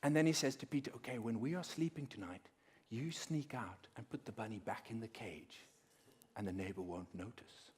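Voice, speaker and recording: A young adult man telling a story to an audience at a workshop, animated and acting out the characters as he speaks. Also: lowish voice, normal speed, slightly rough. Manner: animated, acting out quoted characters with big swings in loudness. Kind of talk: lively storytelling talk to an audience. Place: conference room.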